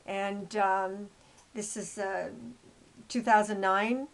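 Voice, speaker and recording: An older woman talks through her life story in a loose, rambling way, stopping and restarting with fillers. When she gets worked up, her voice climbs and she becomes loud and emphatic. Her pitch sits in an ordinary middle range. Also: fairly even intonation, slow pace. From Canada. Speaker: autobiographical storyteller. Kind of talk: casual narration over photos.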